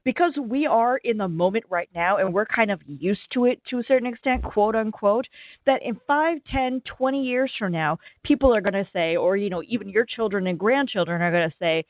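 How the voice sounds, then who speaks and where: A woman co-hosting a casual space podcast, talking in an animated, emphatic way with lots of "like" and "you know". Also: medium pitch, a little fast, dry recording. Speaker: podcast co-host. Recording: tinny phone-like line.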